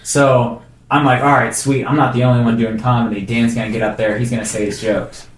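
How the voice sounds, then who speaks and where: A man's voice: medium pitch, a little fast, roomy sound, slight background noise. A man in his twenties chatting casually and telling comedy stories, laughing often and acting out what others said. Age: 20s. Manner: animated storyteller, laughs often. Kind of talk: casual chat, storytelling.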